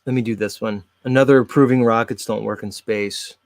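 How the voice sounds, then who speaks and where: A man's voice: lowish voice, fairly even intonation, normal speed, no echo. A man hosting his own show, chatting casually and talking straight to his viewers while he comments on videos. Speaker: host.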